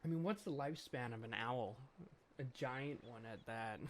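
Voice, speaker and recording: A man's voice: medium pitch, animated, moderate pace, slight background noise. A man reviewing a comic chapter in casual commentary, thinking aloud and chuckling often as he reads along.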